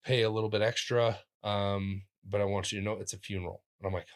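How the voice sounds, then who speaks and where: A male comedian tells stories in a relaxed interview, his fairly low voice leaping upward whenever he acts out someone he's quoting. He talks in quick restarts and fillers with lively energy. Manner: animated, acts out quoted voices with big pitch jumps. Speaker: comedian guest. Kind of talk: casual interview storytelling.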